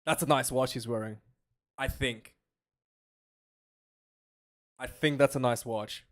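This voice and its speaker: A man streaming casual live commentary on a match, chatty and jokey, prone to loud incredulous rants. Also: mid-range voice, fairly even intonation, slow.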